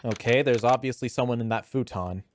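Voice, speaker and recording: A man's voice: mid-range voice, fairly quick, noisy background, natural voice. A man voicing a wry young male defense lawyer from a video game, reading the lines in a dry, plain voice. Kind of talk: game dialogue read-along.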